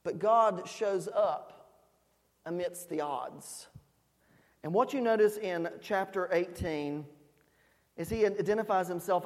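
A preacher giving a sermon with playful, joking storytelling, swinging between loud shouts and quiet asides. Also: medium pitch, measured pace, long reverb tail.

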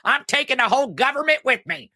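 A man's voice: very animated, quick pace, sharp tone, slightly rough, no room sound, studio quality, exaggerated voice. A man putting on the voice of a whiny, petulant aging male politician who shrilly demands everything. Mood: whining. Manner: shrill, whining, greedy demands.

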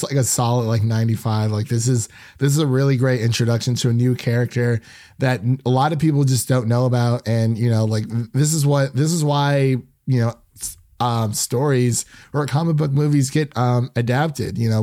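Rambling young man with a mellow voice. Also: medium pitch, no room sound, studio quality. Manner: rambling, heavy use of fillers like "um" and "you know". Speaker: podcast host. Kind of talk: casual review chat.

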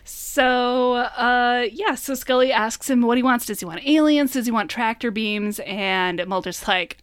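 A woman's voice: a little high, normal speed, few pauses, smooth, no echo. A woman co-hosting a podcast, chatting casually and giggling while recapping a TV episode. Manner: giggly, animated, lots of fillers. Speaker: podcast co-host.

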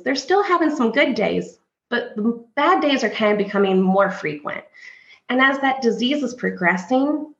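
A woman speaks as a hospice nurse, explaining patiently with everyday anecdotes and briefly voicing what patients might think. Her voice sits at a middle pitch. The recording carries a roomy echo and a slightly muffled tone. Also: a bit bright. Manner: earnest, anecdotal, acts out patients' thoughts. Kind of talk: explanatory podcast talk. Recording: echoey room, slightly dull sound.

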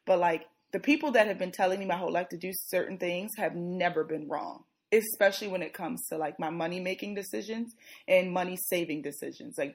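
A woman in her twenties chatting casually, candid and self-mocking as she tells a story. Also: on the low side.

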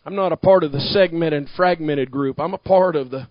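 A man preaching a sermon to a congregation, talking back and forth with them and building to shouted emphasis. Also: a little high, normal speed, dry recording, lo-fi sound. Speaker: pastor.

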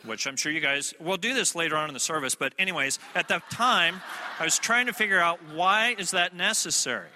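A man's voice: on the high side, brisk, sharp tone, slight background noise. A man preaching a sermon as a traveling minister, telling a story in a conversational way with asides to his listeners. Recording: long reverb of a large hall.

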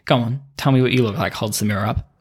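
A man's voice: mid-range voice, fast, slightly rough. A man co-hosting a casual film podcast, joking and teasing while he acts out quotes from films. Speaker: podcast co-host.

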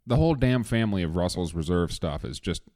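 A man's voice: low voice, animated, fast, dark tone. A man hosting a casual whiskey tasting podcast, enthusiastic and joking, with some cursing. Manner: enthusiastic, joking, swears freely. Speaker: podcast host.

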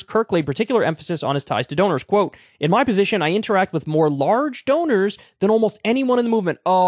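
A man with a somewhat high voice hosts a talk show, reading articles aloud and breaking off to mock them with blunt, profane sarcasm. The sound is dry and close, with no room around it. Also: no room sound. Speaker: political commentary show host.

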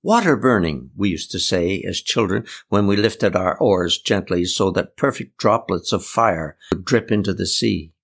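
Low-voiced male storyteller. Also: moderate pace, gravelly, few pauses. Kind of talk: scripted first-person narration.

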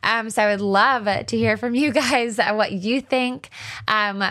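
A woman's voice: fairly high pitch, steady tone, measured pace, fairly bright tone, dry recording, studio quality. A young pregnant woman talking casually and openly to her viewers from her home office, with many fillers and restarts. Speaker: pregnant vlogger. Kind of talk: casual solo talk to viewers.

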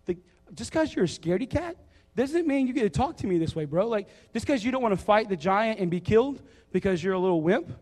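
A man's voice: sits high, a little fast, long reverb tail. A man voicing a brash teenage shepherd boy who talks in casual slang. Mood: indignant. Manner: slangy, excited, calls people bro.

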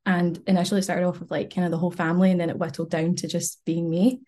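A woman's voice: fairly low pitch, flat delivery, fast talker, warm tone. A young woman guest on a podcast, chatting in a bubbly way and laughing often. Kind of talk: casual podcast chat.

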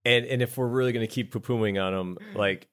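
A man's voice: mid-range voice, fairly even intonation, a little fast, fairly bright tone, clear, resonant tone. A man co-hosting a casual movie podcast, talking earnestly and enthusiastically and laughing along. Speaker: podcast co-host. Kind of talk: casual movie review chat.

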